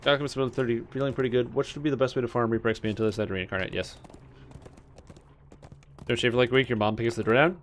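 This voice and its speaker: A man's voice: mid-range voice, steady tone, racing, pauses often, slight background noise. A young man streaming a game, chatting casually and rambling through stories. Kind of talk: casual chat while gaming. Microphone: webcam-streaming setup.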